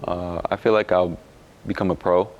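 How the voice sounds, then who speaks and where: Very deep flat-voiced young man. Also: muffled recording. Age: young adult. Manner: relaxed, halting, with many fillers. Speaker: college basketball player. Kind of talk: interview answers.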